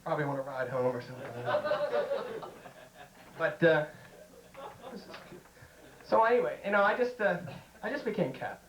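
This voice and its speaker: A man's voice: on the high side, a little fast, pauses often, reverberant, noisy background. A man doing a stand-up comedy routine, telling jokey stories and acting out bits in raised voices. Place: comedy stage.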